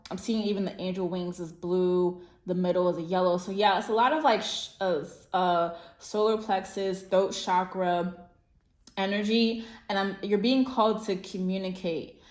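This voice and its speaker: A woman's voice: medium pitch, fairly even intonation, measured pace, a little mellow. A woman giving a casual spiritual tarot reading, rambling and effusive, with lots of fillers. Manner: meandering, filler-heavy, effusive. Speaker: tarot reader. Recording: roomy echo.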